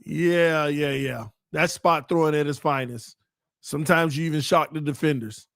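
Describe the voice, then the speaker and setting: A man calls a football game play by play for his fan show's watch party. His voice sits a little high, and the sound is dry and close. He gets excitable and talks straight to the players as the plays unfold. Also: moderate pace, creaky, no room sound. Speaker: fan show host.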